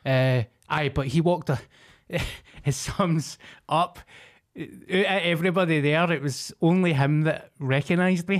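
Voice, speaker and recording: A man's voice: a little high, a little slow, few pauses. A man in his thirties with a Glaswegian accent, co-hosting a podcast and swapping jokes in casual banter. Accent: Scottish, Glaswegian. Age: 30s. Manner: joking, banter-heavy. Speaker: podcast co-host. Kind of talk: casual chat.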